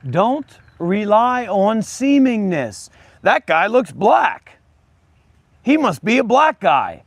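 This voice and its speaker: Blunt high-voiced man, gravelly edge. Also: very animated, slow, no echo. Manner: blunt and combative, addressing viewers directly. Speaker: livestream host and former monk. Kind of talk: unscripted livestream talk.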